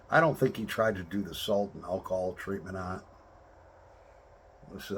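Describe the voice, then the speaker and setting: A man casually chatting to camera as a pipe-smoking vlogger, telling rambling stories in a relaxed way. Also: deep voice, a little hiss or hum. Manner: relaxed, rambling storytelling with drawn-out pauses.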